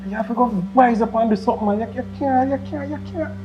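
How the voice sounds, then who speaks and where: A man's voice: very high-pitched, fast talker. A man with a Jamaican accent playing a worried father who earnestly pleads with his daughter and repeats himself as he begs. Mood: pleading. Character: worried father, middle-aged, stern and loving. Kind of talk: improvised family drama skit. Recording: slightly dull lo-fi sound.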